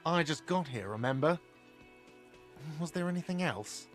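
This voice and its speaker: A man's voice: fairly high pitch, animated, moderate pace, soft background music, lightly acted. A man voicing a sarcastic, exasperated hostel manager in a video game.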